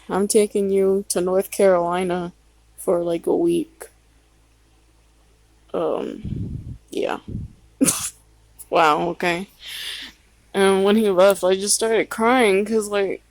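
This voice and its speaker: A woman's voice: lowish voice, gravelly, a little mellow, no room sound, rough recording. A woman telling a story in a casual vlog. She rambles, swears often and trails off mid-thought. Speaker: vlogger.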